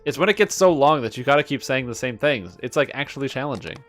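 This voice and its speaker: A man's voice: medium pitch, animated, fast, a bit bright. A man streaming live, chatting casually with viewers and playfully stumbling through tongue twisters. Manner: playful, reads tongue twisters aloud, stumbles and laughs at himself.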